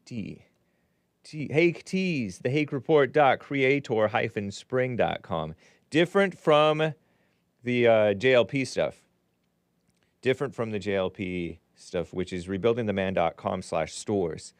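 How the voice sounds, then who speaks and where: A man hosting a live call-in show, chatty and upbeat, breaking into loud greetings, his voice a little strained. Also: fairly low pitch, expressive, measured pace, no room sound. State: voice slightly strained. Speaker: show host.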